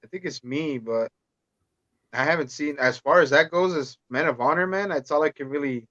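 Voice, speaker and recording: A man's voice: fairly high pitch, moderate pace, a bit bright, dry recording. Brief: unsure male guest, muffled lo-fi mic with a dry sound. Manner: hesitant, trailing off. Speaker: podcast guest. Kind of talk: casual chat.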